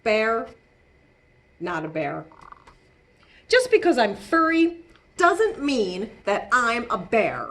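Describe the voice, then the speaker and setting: A woman's voice: on the high side, wildly swooping pitch, slow pace, pauses often, a bit bright, full character voice. A woman voicing a grumpy, fed-up male koala who complains indignantly in a storybook read-aloud. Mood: grumbling.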